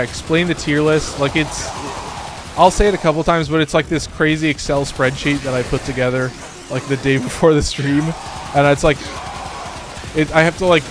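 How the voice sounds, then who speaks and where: A man's voice: mid-range voice, noisy background. A man streaming a game, talking casually with lots of fillers and restarts. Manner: rambling, full of fillers and restarts. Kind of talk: casual gameplay commentary.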